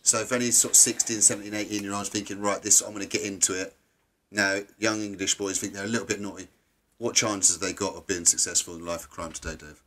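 A man's voice: on the low side, steady tone, fast, fairly bright tone, slight background noise. A man interviewing a guest, asking long, chatty, leading questions.

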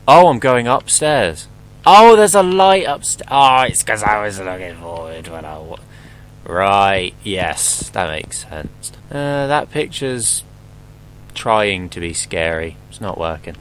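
A man's voice: fairly low pitch, lively intonation, takes it slowly, slight background noise, poor audio. A young man commenting casually on a horror game as he plays, joking, swearing and yelping at scares. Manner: joking, swearing, jumpy exclamations. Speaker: gameplay commentator.

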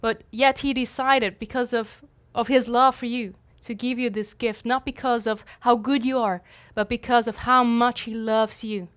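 A woman's voice: fairly high pitch, steady tone, moderate pace, few pauses. A young adult woman, a missionary, giving an earnest, conversational devotional talk with light humor.

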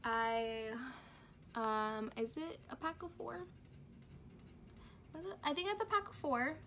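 A woman's voice: high-pitched, slow, fairly bright tone, slight background noise. A young woman reviewing products in a casual home vlog, bubbly and chatty with slang and fillers. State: out of breath from heat. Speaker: beauty and lifestyle vlogger.

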